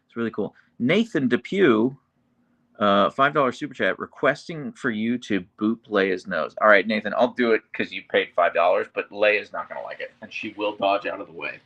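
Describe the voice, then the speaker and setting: Creaky-voiced man chatting on a live stream. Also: lowish voice, moderate pace, a bit bright. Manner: chatty, easygoing, talks to his dogs between comments. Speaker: livestream host. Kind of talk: casual live chat reading viewer comments. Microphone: phone.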